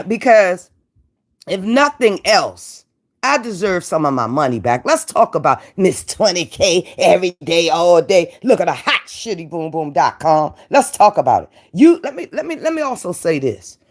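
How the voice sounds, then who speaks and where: A woman's voice: fairly low pitch, big pitch swings, moderate pace. A woman hosting an online commentary show, delivering a taunting, profane rant at a rival and repeating her catchphrases.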